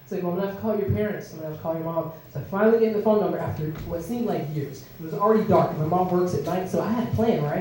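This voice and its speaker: Woman stand-up comic, animated storyteller, mellow tone, recorded from far off in an echoey club. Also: lowish voice, fast, hardly any pauses, slight background noise. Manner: animated, acts out quoted voices. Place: comedy club stage.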